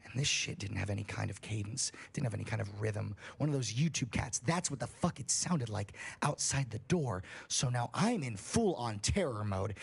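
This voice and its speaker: A man's voice: mid-range voice, lively intonation, moderate pace, creaky, few pauses, husky. A man on a livestream telling a scary story in a casual, profane way, building suspense. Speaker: streamer.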